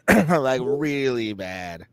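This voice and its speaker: A man's voice: mid-range voice, sing-song, drawn-out words, clear, resonant tone. A man co-hosting a podcast, chatting casually with wry, sarcastic remarks. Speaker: podcast co-host. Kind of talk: casual chat.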